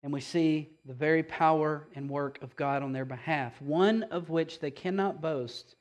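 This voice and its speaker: A high-voiced man preaching a sermon, talking to the congregation in a casual way with rhetorical questions. He moves between loud, emphatic stretches and slow, hushed ones. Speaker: pastor.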